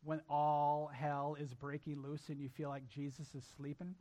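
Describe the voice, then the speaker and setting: A man's voice: fairly high pitch, level tone, normal speed, warm tone. A male pastor preaching a sermon emphatically, repeating key lines and addressing his congregation directly.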